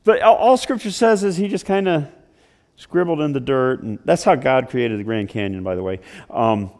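A man preaching a sermon, telling the story with conversational asides, swinging between loud and hushed passages. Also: medium pitch, normal speed. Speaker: pastor.

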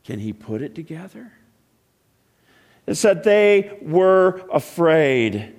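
A man preaching a sermon, telling stories and asking questions, swinging between loud exclaiming and hushed, quiet passages. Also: fairly high pitch, sing-song, slow. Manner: storytelling with repeated restarts and rhetorical questions. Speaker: pastor.

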